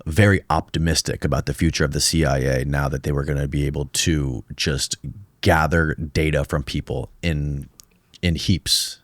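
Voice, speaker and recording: A man hosting a podcast interview, asking questions in a relaxed way and murmuring along as his guest talks. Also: extremely low pitch, moderate pace, no room sound. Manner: relaxed, frequent backchannel murmurs. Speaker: podcast host. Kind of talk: casual interview chat.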